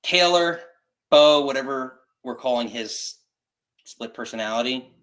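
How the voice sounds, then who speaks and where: A man with a bright, forceful voice co-hosts a casual chat show. He talks with eager enthusiasm, rambling and restarting his sentences as he goes. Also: mid-range voice, unhurried. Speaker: podcast co-host.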